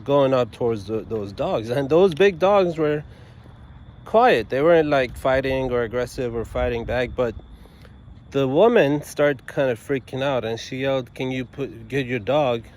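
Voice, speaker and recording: A man, an attorney, telling a story in a casual, animated way, full of restarts and asides. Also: medium pitch, unhurried.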